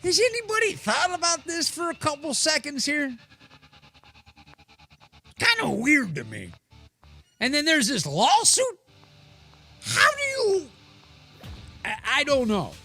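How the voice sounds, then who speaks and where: Man, sports talk host, theatrical, teasing, rambling, fairly high lively voice. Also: unhurried, creaky, long pauses, soft background music. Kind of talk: live sports talk show.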